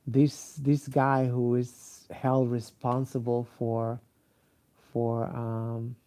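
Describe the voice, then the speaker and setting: A sleepy man with a dark, gravelly voice rambles slowly through a casual monologue. He stops often for fillers and restarts and swears freely. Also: medium pitch, completely flat delivery. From Mexico. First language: Spanish. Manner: halting, many fillers and restarts, profane.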